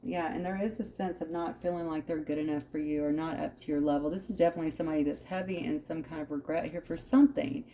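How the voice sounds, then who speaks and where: A woman's voice: low-pitched, steady tone, fast talker, few pauses, warm tone, slight background noise. A woman giving a casual channeled tarot reading, musing aloud with frequent asides. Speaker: tarot reader.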